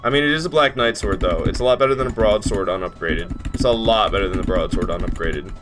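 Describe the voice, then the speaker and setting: A man's voice: lowish voice, fast, music in the background. Incredulous, cursing male game streamer. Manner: incredulous, swears freely, talks to chat. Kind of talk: casual live-stream commentary.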